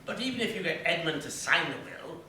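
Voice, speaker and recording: A man's voice: a little high, expressive, a little fast, close to an everyday voice. A man playing a pompous old ham actor. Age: older. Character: vain old male actor, theatrical and pompous. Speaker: stage actor in an amateur play. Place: theatre stage. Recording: echoey hall, far-off mic, noise.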